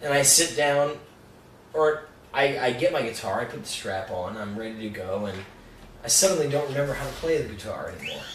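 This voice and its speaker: A man's voice: medium pitch, big pitch swings, a little fast. A young man telling a rambling, profane story about a gig in a casual chat. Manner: rambling, swearing, laughing storyteller. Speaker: guest songwriter. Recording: roomy, distant mic with faint noise.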